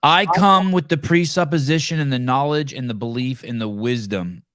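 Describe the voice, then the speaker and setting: Speaking at a normal speed in a medium pitch, a man hosts a podcast full of blunt, swearing, animated rants delivered as casual commentary. The audio is studio quality with no echo.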